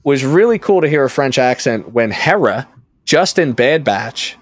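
A man hosts a casual podcast chat in a dry studio. He rambles, stops himself mid-thought and circles back to his point. His pitch sits in the middle of the male range. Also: expressive, unhurried, no room sound. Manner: rambling, self-interrupting storyteller. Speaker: podcast host.

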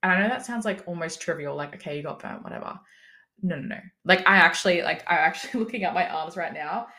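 Candid chatty woman, slightly low voice. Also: fast talker, sharp tone. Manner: casual, chatty, swears freely, frequent "like" fillers. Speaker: business coach, podcast host. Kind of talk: candid solo podcast monologue.

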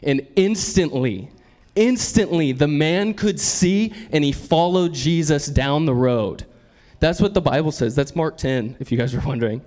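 Guy preaching, earnest and chatty, mid pitched, laughs a lot. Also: normal speed, darkish tone. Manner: earnest, conversational, laughs often. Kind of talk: sermon.

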